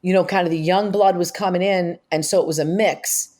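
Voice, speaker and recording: Animated older woman, lower voice. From upstate New York. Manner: animated storyteller, rapid asides and fillers. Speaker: guest, comedic actress. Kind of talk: casual interview chat.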